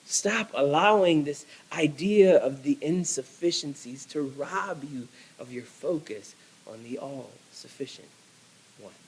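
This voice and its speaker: A man's voice: a little high, slow, slightly rough, rough recording. A male pastor preaching a sermon, emphatic and repetitive, restarting phrases as he builds.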